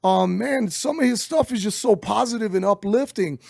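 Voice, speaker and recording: A middle-aged man, telling a story as an interview guest, animated and swearing as he acts out quotes. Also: sits high, normal speed, gravelly, crowd noise. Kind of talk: casual storytelling.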